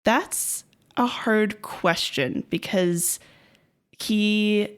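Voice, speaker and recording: A woman co-hosting a podcast in casual chat, talkative and quick to laugh. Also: medium pitch, smooth. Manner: chatty, laughs often, loose fillers. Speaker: podcast co-host.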